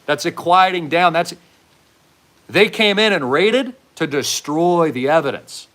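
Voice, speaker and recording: A man's voice: fairly high pitch, animated, a little slow, a bit bright. A man hosting a commentary monologue, speaking in a fervent, preachy, raised voice. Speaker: host.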